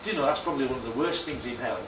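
A man from northern England preaches a sermon in a church hall, chatty and joking, frequently putting questions to the congregation. His mid-range voice races and is a bit bright, with slight background noise. The room is echoey and the distant mic gives a dull sound.

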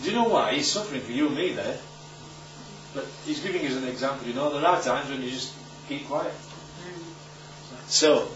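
Preaching to a live audience, a man with a fairly high voice gives emphatic, lively sermon-style Bible teaching, checking in with rhetorical questions along the way. The recording sounds distant, echoey, and muffled, with a faint hiss or hum.

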